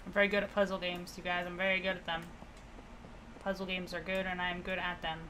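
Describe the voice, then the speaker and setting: Bright-voiced woman streaming a puzzle game. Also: fairly low pitch, level tone, quick pace, slight background noise. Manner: chatty, sarcastic, thinking aloud. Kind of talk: casual let's-play commentary to chat.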